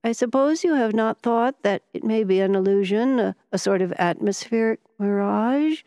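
A woman's voice: a little high, dark tone, clear, resonant tone, in a large hall, voice pushed up, lightly acted. A woman doing a stammering, nervous young secretary. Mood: uneasy. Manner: stammering, halting.

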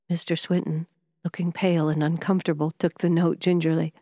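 A woman narrating a storybook in a measured, expressive reading. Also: sits low, no room sound, clean studio sound.

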